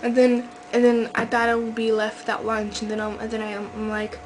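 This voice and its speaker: A woman's voice: on the high side, steady tone, normal speed, hardly any pauses, noisy background. A teenage girl telling a rambling vlog story, full of fillers and restarts. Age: teens. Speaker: vlogger.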